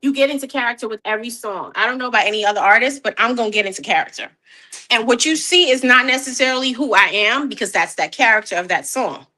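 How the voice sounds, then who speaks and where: Brief: lively woman, bright higher voice, guest on an interview, laughs easily. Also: fast. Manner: animated, laughs often, repeats words. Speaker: guest artist. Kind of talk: casual interview chat.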